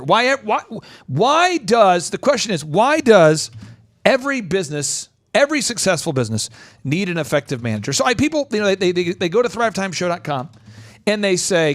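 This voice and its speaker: This high-pitched, lively man is a host and business coach doing energetic podcast talk. He's animated and emphatic, firing off rapid rhetorical questions.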